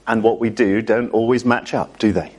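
Chatty preacher asking the congregation. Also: male voice, fairly low pitch, fairly even intonation, normal speed. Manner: chatty, asks the congregation questions. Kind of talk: sermon. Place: church with a congregation.

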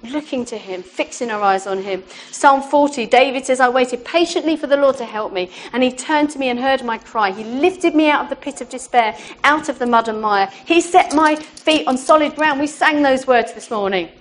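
A woman gives an informal, heartfelt sermon to her church. Her voice sits a little high, and she talks in a conversational way, often saying "you know" and restarting her sentences. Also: moderate pace, few pauses. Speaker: church speaker.

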